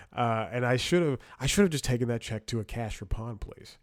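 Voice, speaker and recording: A comedy podcast host rambles through stories and commentary, chuckling often, restarting himself, and staying wry and blunt. His mid-range voice is animated and moves at a normal speed.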